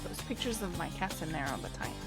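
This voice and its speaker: A woman's voice: fairly low pitch, animated, fast. A woman streaming a video game in casual chat, thinking aloud and reading out game text. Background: game music.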